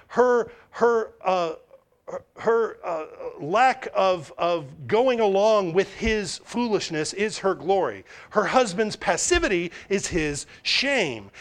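High-voiced man preaching a sermon. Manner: expository preaching with frequent restarts and acted asides. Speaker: pastor.

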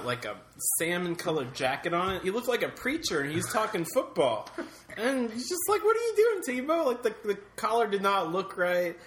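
A man's voice: on the high side, pushed and bright, a little hiss or hum. A man hosting a casual sports chat podcast, who laughs often while leading the segments. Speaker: podcast host.

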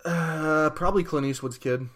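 A young man with a high, bright voice trades rapid, profane jokes with his podcast co-host. He laughs often and keeps the riffing loose and irreverent. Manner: profane, quick-witted banter, frequent laughter. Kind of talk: casual comedic chat.

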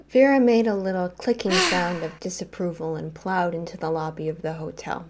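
Expressive woman narrating a story. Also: lowish voice, normal speed, hardly any pauses, slight background noise.

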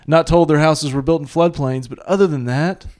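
A man co-hosting a podcast, telling sarcastic stories with quick comebacks in casual banter. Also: a little high, a little mellow. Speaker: podcast co-host.

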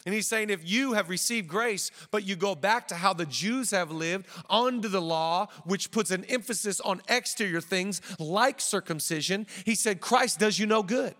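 Male pastor, high voice, playful punchy sermon, repeats lines for emphasis, long hall reverb. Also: moderate pace, few pauses. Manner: lively preaching with joking asides.

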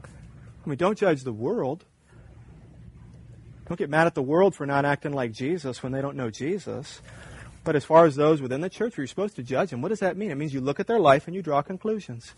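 A man's voice: a little high, animated, brisk, darkish tone, husky. A man preaching a sermon in a conversational, emphatic way, acting out little dialogues. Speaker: pastor.

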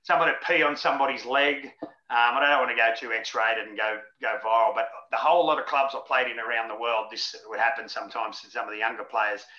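A blokey man in his forties yarns frankly and jokily as an interview guest, his voice bright and forceful. The audio sounds roomy and a little dull. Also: mid-range voice, steady tone, fast. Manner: blokey, frank and jokey, laughs through anecdotes. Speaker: interview guest, former rugby league player. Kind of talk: casual storytelling interview.

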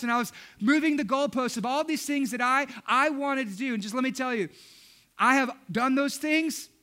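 A man in his thirties preaching a sermon, telling a lively personal story with acted-out quotes. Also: very high voice, moderate pace. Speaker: pastor.

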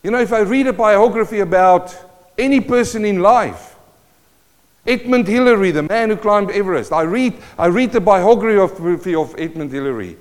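A man's voice: high-pitched, expressive, moderate pace. A man preaching a sermon, quoting scripture and building emphatically in intensity. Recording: long reverb of a large hall.

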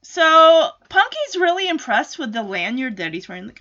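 A woman podcast host chatting through an episode recap, rambling and thinking aloud as she goes. Her voice is bright and high, with a lively, swooping pitch. The sound is dull and lo-fi, like a home recording. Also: moderate pace, faint music behind. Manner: rambling, thinks aloud, many fillers and restarts.

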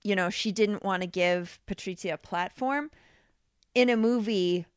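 Woman podcast co-host, casual film chat, chatty and filler-heavy, smooth clear voice, dry close sound. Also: mid-range voice, unhurried, dry recording.

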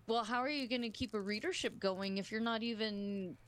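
A woman's voice: medium pitch, brisk, a bit bright. A woman co-hosting a podcast in casual chat, rambling and peppering her talk with "like" and "right?". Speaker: podcast co-host.

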